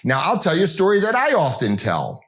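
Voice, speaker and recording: A man's voice: fairly high pitch, huge pitch swings, a little fast, a bit bright. A middle-aged man giving an informal sales training talk, conversational and rambling, with frequent restarts.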